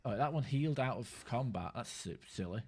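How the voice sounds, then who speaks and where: A gaming streamer with a mid-range voice gives casual commentary while playing a video game, speaking briskly and with animation. He rambles in stop-start bursts, swears freely, and chats with viewers, with slight background noise present.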